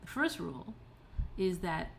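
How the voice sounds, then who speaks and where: A woman teacher delivers a recorded tutorial with animated energy, explaining patiently while pausing on fillers and correcting herself. Her fairly low voice has a gravelly edge, and faint hiss sits beneath it.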